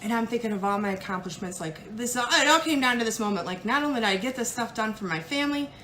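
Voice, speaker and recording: Animated high-voiced woman telling a story. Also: fast talker, reverberant, slight background noise. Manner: animated, dramatic retelling with put-on quoted voices. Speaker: jewelry consultant. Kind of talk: casual storytelling.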